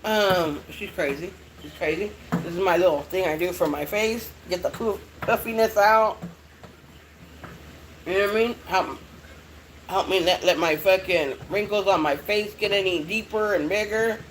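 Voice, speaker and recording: A woman's voice: medium pitch, normal speed, slight background noise, poor audio. A middle-aged mother chatting casually to her viewers, rambling and swearing often. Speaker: vlogger. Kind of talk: casual chat.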